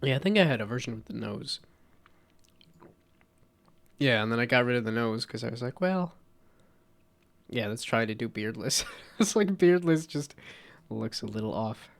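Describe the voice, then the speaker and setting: A man's voice: medium pitch, normal speed, vocal fry, long pauses. A man chatting casually on a live stream while he works, congested from a cold, rambling and self-deprecating with frequent laughs.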